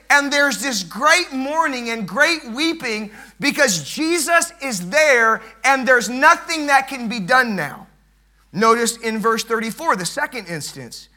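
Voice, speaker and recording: A man preaching an evening sermon, emphatic and repetitive, swelling loud and dropping soft. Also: very high voice, lively intonation, measured pace.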